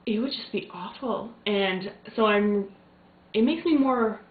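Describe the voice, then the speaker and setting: Chatty young mom, tinny echoey audio. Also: female voice, medium pitch, unhurried. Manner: chatty, rambling with many fillers. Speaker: vlogger, new mother. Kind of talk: casual chat to camera. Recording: tinny lo-fi phone-like sound in echoey room.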